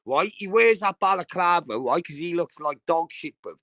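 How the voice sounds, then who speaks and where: Streamer host, male, high voice, coarse aggressive rant, dull dry audio. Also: expressive, normal speed, bright, forceful tone, no room sound. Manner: crude, aggressive, repetitive slang-heavy ranting. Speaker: livestream host. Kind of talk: ranting livestream commentary.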